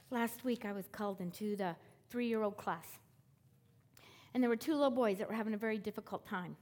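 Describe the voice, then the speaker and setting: A woman preaching and telling a story, her delivery swinging from emphatic rising calls to hushed near-whispers. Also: fairly high pitch, moderate pace, long pauses, big-room sound. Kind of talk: sermon with storytelling.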